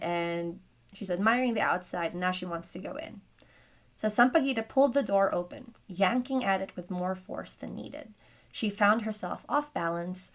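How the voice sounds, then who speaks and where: A woman narrating a solo tabletop game as game master, with chatty, self-aware asides. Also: mid-range voice.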